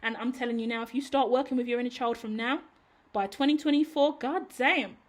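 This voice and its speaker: A woman with a somewhat high voice delivers a tarot reading straight to her audience. She talks in an emphatic, sassy, blunt way, like a pep talk that doesn't mince words. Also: fast, a little mellow. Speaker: tarot reader. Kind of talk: tarot reading monologue to camera.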